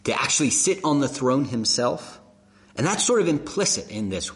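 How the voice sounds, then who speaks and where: A man preaching a sermon, telling the story with animated emphasis and rhetorical questions. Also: mid-range voice, moderate pace. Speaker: pastor. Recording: echoey hall.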